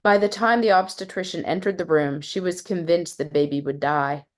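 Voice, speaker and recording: A woman from West Virginia who introduces herself casually, with some halting, then reads her short fiction aloud in a steady way. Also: on the low side. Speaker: fiction reader.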